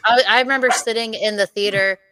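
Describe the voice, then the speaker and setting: A woman co-hosting a live podcast, chatting casually with quick laughs and self-deprecating asides. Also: on the high side, fairly even intonation, sharp tone, clean tone, dry recording. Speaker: podcast co-host.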